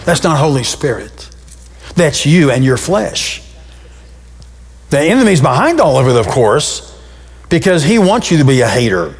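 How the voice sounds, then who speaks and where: A male pastor delivering a sermon in a fairly high voice that swings widely in pitch, jumping up for emphasis and sinking low. His pace speeds up and slows down as he drives points home. The sound carries the long reverb of a church hall. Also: big pitch swings, slightly rough. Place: church sanctuary.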